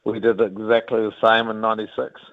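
A man in his fifties from New Zealand with a New Zealand accent, telling rugby stories as an interview guest in a rambling, animated way. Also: fairly low pitch, a little fast. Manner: rambling, animated, many restarts. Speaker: guest, former rugby captain. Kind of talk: casual interview storytelling. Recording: tinny phone-like line.

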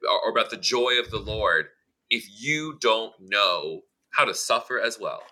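Blunt, swearing male co-host with a sharp, very bright tone. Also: lowish voice, expressive, unhurried. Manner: blunt and emphatic, swears freely. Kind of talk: casual chat.

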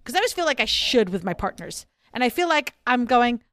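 A woman's voice: on the high side, big pitch swings, a little fast, fairly bright tone, dry recording, studio quality. A woman who writes books, chatting candidly on a podcast and often poking fun at herself. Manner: candid and self-deprecating. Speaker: podcast guest, author. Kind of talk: frank casual chat.

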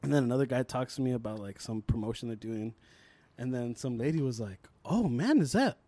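A man's voice: mid-range voice, fairly even intonation, a little fast, warm tone, dry recording. A young man co-hosting a casual podcast chat, telling stories through bursts of laughter and swearing freely. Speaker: podcast co-host.

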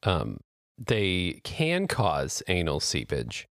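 A man with a lively, swinging pitch delivering wry jokes on a casual podcast. He keeps a deadpan edge, and the sound is dry and close. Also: very slow, vocal fry, no room sound. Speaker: podcast co-host. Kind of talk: casual comedic chat.

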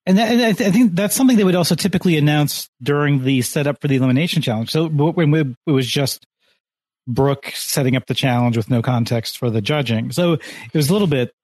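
A man's voice: fairly high pitch, fast, darkish tone, no room sound. A man co-hosting a podcast in casual chat, easygoing and analytical. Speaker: podcast co-host.

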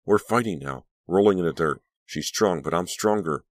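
A man's voice: extremely low pitch, lively intonation, normal speed, a bit bright, dry recording, studio quality, heavily acted. A man reading an audiobook, voicing an anxious, troubled teenage girl who sounds tense and breathless. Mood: frantic. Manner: tense, pleading, breathless at times.

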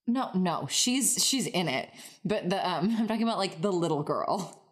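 Blunt, sarcastic woman with a lively voice. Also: on the low side, normal speed. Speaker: podcast co-host. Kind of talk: casual chat.

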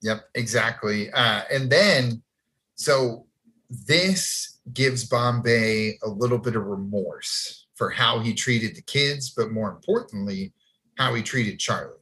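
Guy cohosting a movie podcast, bright tense voice, goofy and chatty. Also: mid-range voice, slow pace, slightly rough. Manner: animated, laughs often, acts out scenes in silly voices. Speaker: podcast co-host. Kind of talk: casual movie recap chat.

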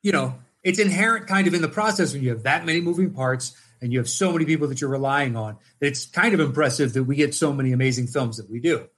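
A man's voice: mid-range voice, fast, hardly any pauses, a bit bright. A man co-hosting a podcast about films, talking casually with blunt, joking remarks. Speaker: podcast co-host. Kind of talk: casual chat.

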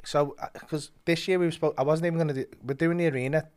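A middle-aged man, a comedian guest chatting casually on a podcast, talking fast and cutting himself off mid-sentence, with the odd swear. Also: a little high, fairly even intonation, darkish tone, clear, resonant tone. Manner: fast, swearing, self-interrupting storyteller.

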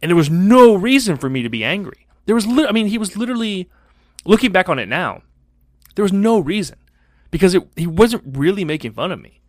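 Man in his 40s, podcast co-host, animated storytelling, lively swooping pitch, dry close sound. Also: fairly quick, no echo. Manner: animated, acts out voices in his story, swears freely. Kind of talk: casual storytelling chat.

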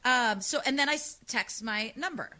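A woman radio host with a loud, sassy, animated way of talking, telling a dating story in casual chat. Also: a little high, normal speed.

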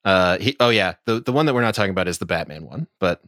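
A man co-hosting a podcast in casual chat, telling his points in an animated, rambling way. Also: low-pitched, quick pace, no echo, clean studio sound. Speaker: podcast co-host.

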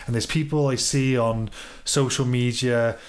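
A British podcast host with a mid-range male voice, talking in a chatty, animated way. He shares his own views between questions and sometimes acts out what other people say. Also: medium pitch, measured pace. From Britain. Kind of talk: casual podcast interview.

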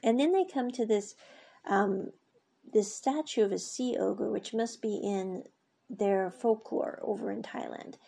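Gravelly, husky woman recapping a series. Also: medium pitch, a little slow, dark tone. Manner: chatty, retells scenes with quoted lines, frequent fillers. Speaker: series reviewer. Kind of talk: casual recap of a drama series.

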